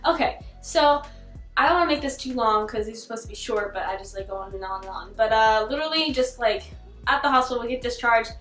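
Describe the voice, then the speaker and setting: A young woman vlogger telling a childhood story in a casual, animated way, laughing often and full of fillers. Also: on the high side, quick pace. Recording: echoey room with faint music.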